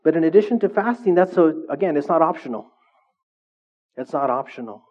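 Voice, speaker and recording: Male pastor giving a relaxed, conversational sermon, often checking in with his listeners, slightly high voice, dull recording. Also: brisk. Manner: conversational, keeps checking in with the congregation.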